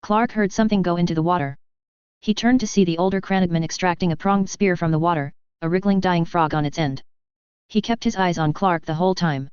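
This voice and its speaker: A woman reads a fantasy fan fiction story in an even, steady voice. Her tone is very smooth and fairly low. The recording is dry and slightly lo-fi. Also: a little fast, dry recording. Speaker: narrator. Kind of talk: fan fiction read aloud.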